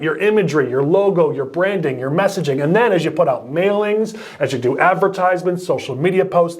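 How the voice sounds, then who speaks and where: A man talking as a political campaign consultant, giving blunt, emphatic advice in short, punchy lines. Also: high voice. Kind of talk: advice chat on a podcast-style video.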